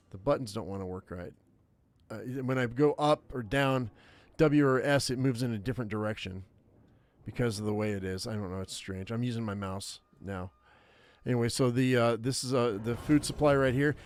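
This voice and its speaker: A man talking his way through a game as he plays, with easygoing, rambling commentary full of ums and restarts. His voice sits at an ordinary middle pitch. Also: a little mellow. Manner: rambling, filler-heavy, thinking aloud. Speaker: gaming YouTuber. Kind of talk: gameplay commentary.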